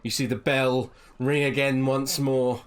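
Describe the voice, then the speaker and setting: A game master narrating a tabletop fantasy game in a lively, animated way, with frequent fillers. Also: medium pitch, a little slow, clear, resonant tone.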